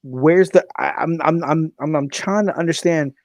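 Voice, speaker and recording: Young male podcast co-host, raised voice, lively storyteller, curses often, dry sound. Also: fairly high pitch, moderate pace, no room sound. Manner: animated, swears freely, laughs often, acts out quoted voices. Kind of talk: casual storytelling chat.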